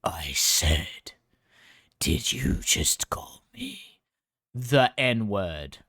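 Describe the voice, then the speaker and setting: A man voicing a growling grown man in a low, menacing whisper as whispered role-play. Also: sing-song, extremely slow, gravelly, no echo, clean studio sound, exaggerated voice.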